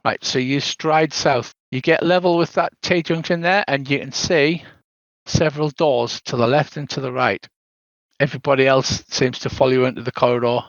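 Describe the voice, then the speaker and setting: Older British game master narrating a spooky tabletop adventure, dry and slightly muffled call audio. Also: male voice, medium pitch, steady tone, normal speed, no room sound.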